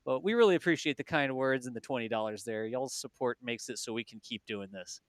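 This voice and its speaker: A man's voice: medium pitch, a little fast, no echo. A man with a South Texas accent co-hosting a live launch stream, chatty and folksy, laughing easily. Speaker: livestream co-host. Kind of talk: casual live commentary.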